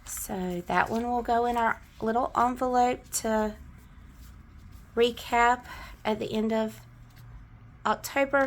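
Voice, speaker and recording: A woman's voice: a little high, fairly even intonation, slow pace, long pauses, a little hiss or hum. A middle-aged woman with a Southern US accent, chatting casually to camera as she counts out cash, with a cough now and then. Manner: chatty, counts bills aloud. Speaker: budgeting vlogger.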